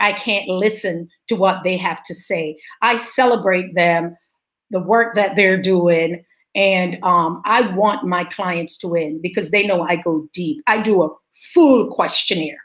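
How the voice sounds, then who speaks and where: A woman with a light Jamaican accent, an energetic business coach speaking emphatically in a video-call interview. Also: medium pitch. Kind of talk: interview conversation.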